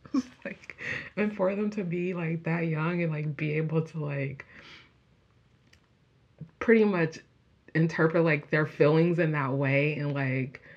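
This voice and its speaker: Gushing young woman, dull lo-fi sound. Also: sits low. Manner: gushing, animated, many fillers. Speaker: show reviewer. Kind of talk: casual recap chat.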